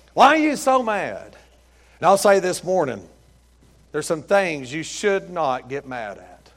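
A middle-aged man preaching a sermon as pastor, folksy and storytelling, rising to loud emphatic peaks. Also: fairly high pitch, big-room sound. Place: church sanctuary.

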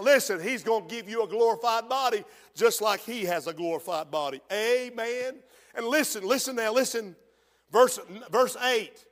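High-voiced shouting preacher in a hall. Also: male voice. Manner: preaching with shouted peaks and drawn-out quotes. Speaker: pastor. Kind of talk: sermon.

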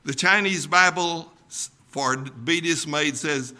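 An older pastor delivering a sermon at a very unhurried pace. His voice is fairly high for a man and strikingly bright and sharp. He talks in a folksy way, pausing on ums and uhs.

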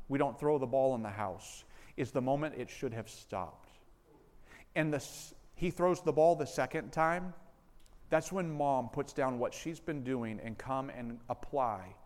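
A male pastor preaching a sermon, animated and acting out family members' lines. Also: medium pitch, in a large hall. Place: church sanctuary.

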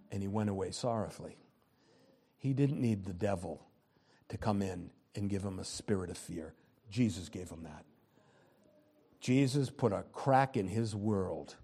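A man preaching a sermon, swinging between loud, rising exhortation and low, quiet asides. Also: husky.

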